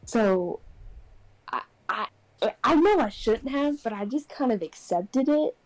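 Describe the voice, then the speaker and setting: A woman's voice: a little high, slow, poor audio. Young woman telling a ghost story. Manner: animated, acts out quotes in raised voice. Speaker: podcast co-host. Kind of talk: casual storytelling.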